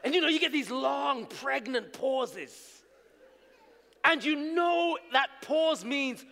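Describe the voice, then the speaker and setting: A male preacher telling his testimony in an animated sermon, moving between hushed storytelling and shouting. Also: very high voice, slow pace, gravelly. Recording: echoey hall reverb.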